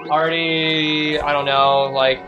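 A man hosting a video game let's play, joking and reading dialogue aloud excitedly. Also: on the high side, slow pace, highs cut off, over music. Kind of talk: gameplay commentary.

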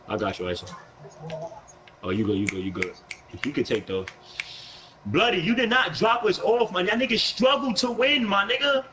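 A high-voiced young man with a New York accent live-streams a basketball video game over a noisy background. This gaming streamer throws out brash, profane trash talk with an aggressive edge.

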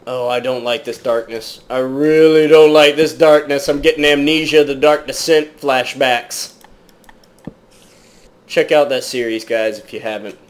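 A man's voice: mid-range voice, fairly even intonation, unhurried. A man giving let's play commentary in a jokey mock British accent, chatting to viewers and yelping at sudden threats in the game. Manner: startled yelps and exclamations at game threats; talks to viewers as "guys". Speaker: gaming channel host.

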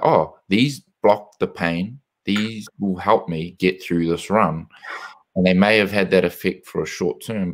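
A man hosting a casual live interview, talking in a reflective, measured way with plenty of fillers, on a video call. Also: low voice. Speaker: host, former rugby player.

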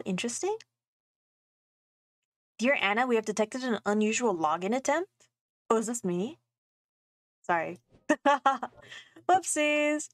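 A playful young woman streams a game and thinks aloud as she plays. Her voice sits fairly high. The sound is close and dry. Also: no room sound. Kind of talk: game playthrough commentary.

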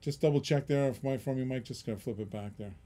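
A man's voice: mid-range voice, fast talker, warm tone. A middle-aged man hosting a live-stream auction in casual, rambling chatter, often chuckling and reading out bids.

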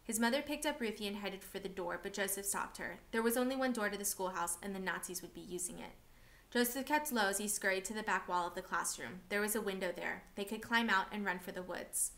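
A woman reading a novel aloud for a class, steady and expressive. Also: mid-range voice, brisk.

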